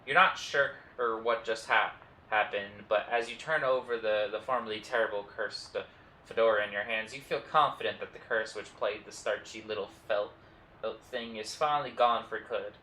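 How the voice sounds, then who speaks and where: Low-voiced guy reading game text on stream, asides, echoey room, faint background noise. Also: sharp tone. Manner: reads game text aloud, adds quick asides. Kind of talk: game playthrough, reading dialogue aloud. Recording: roomy, distant mic with faint noise.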